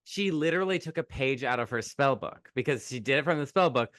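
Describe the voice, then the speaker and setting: Animated man recapping a movie. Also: mid-range voice, a little fast, dry recording, clean studio sound. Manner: animated, jokey, quotes characters in sped-up asides. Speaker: podcast co-host. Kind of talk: casual chat recapping a movie.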